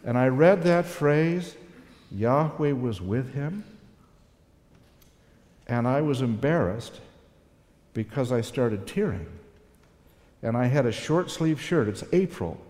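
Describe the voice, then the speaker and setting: A man speaks unhurriedly in a reflective, sermon-style talk, building to heartfelt swells. His voice sits at an ordinary pitch and carries the long reverb of a large hall. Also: expressive, a little slow, a little mellow. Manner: earnest, reflective storytelling with emotional swells.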